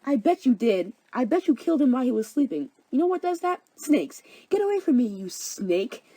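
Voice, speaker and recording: A woman's voice: medium pitch, fairly quick, a little mellow, no room sound, close to an everyday voice. A woman voicing a sassy, threatening young female lover in a cartoon parody. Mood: angry.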